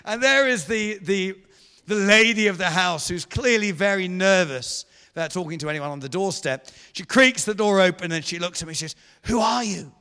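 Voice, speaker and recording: A man preaching a sermon in a church, telling a story with animated delivery and acted-out voices. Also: high-pitched, moderate pace, smooth. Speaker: guest preacher. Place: church hall. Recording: echoey church hall.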